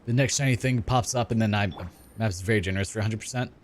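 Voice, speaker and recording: A man's voice: fairly low pitch, fairly even intonation, fast talker, slight background noise. A man chatting casually while streaming a video game, rambling and self-deprecating. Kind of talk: casual gaming stream chat.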